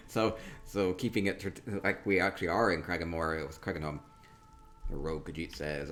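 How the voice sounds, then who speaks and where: A man chatting casually through a tour of a game, upbeat and quick to repeat himself, with soft laughs between remarks. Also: low-pitched, soft background music. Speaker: gaming streamer touring player-built homes. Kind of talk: casual gameplay commentary.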